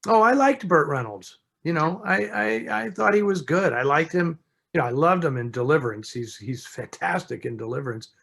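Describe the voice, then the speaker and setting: A man answering listener questions as a film expert in a relaxed, conversational way, often restarting and saying "you know". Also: fairly high pitch, moderate pace, vocal fry, breathy edge. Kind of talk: casual chat.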